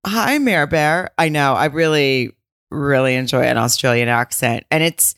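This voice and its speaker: Podcast co-host, woman, low voice, dry close sound, chatty and loose. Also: normal speed, a bit bright, no room sound. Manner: chatty, laughs often, swears casually. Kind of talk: casual chat.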